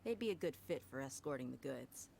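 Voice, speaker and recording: A woman's voice: very deep voice, animated, fairly quick, gravelly, background noise, full character voice. An actress playing a confident woman mercenary in a game, frank and easygoing. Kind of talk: game voice acting.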